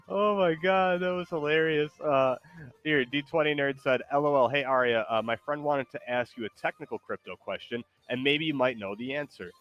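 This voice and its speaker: A man's voice: on the high side, moderate pace, no echo, highs cut off. A man hosting a stream in casual chat, laid-back and hesitant, laughing often and reading chat messages aloud.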